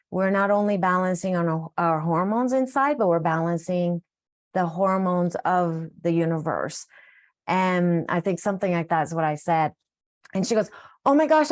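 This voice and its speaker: On a recorded live call, a middle-aged wellness coach with a mid-range voice shares a rambling, heartfelt story, frequently starting her sentences over.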